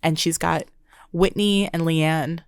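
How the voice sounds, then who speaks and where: Low-voiced woman ranting casually. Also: slow pace, clear, resonant tone, dry recording. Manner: animated, profane, mimics people she talks about. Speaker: podcast host. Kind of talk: casual reality-TV recap monologue.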